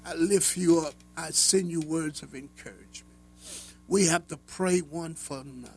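A man's voice: sits high, gravelly, slightly rough. A man preaching and praying over the radio in a fervent, rhythmic cadence. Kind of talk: radio prayer sermon.

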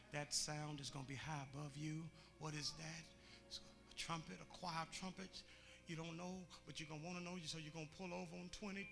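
A man preaching a sermon, telling a story and building to loud, repetitive calls. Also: fairly high pitch, creaky. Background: music.

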